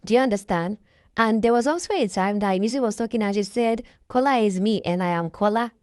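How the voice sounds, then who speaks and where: A woman's voice: medium pitch, fast, darkish tone, dry recording, clean studio sound. A Nigerian woman with a stuffy nose from a cold, chatting emphatically and gossiping as she comments on a reality show. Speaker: reaction vlogger.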